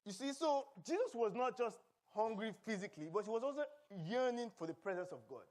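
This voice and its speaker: A Nigerian-accented pastor preaching in church, his voice sitting noticeably high for a man. He moves between reading scripture and joking with the congregation. His delivery is animated and calls for answers from the pews. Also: brisk. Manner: animated preaching with humor and call-and-response. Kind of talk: sermon.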